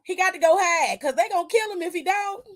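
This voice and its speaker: A woman hosting a casual wrestling aftershow, animated and profane, talking loudly and laughing often. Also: very high voice, a little fast. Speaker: host.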